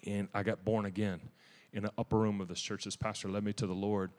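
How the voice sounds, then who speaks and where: A man preaching a testimony-style sermon in a church. He is emphatic and zealous, with restarts and sudden loud bursts. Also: on the low side, level tone, fast talker, big-room sound.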